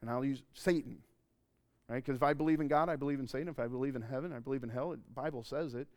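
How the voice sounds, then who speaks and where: A male pastor preaching a sermon in a church, conversational and joking, with sudden loud bursts of emphasis. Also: mid-range voice, fast talker. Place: church auditorium.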